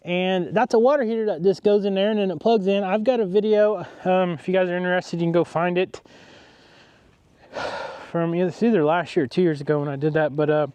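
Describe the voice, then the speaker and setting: A man's voice: high voice, steady tone, brisk, mellow, clean tone, no echo. A man, an easygoing farmer chatting outdoors on his farm and talking to his animals. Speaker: farmer, vlogger. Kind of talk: casual farm vlog.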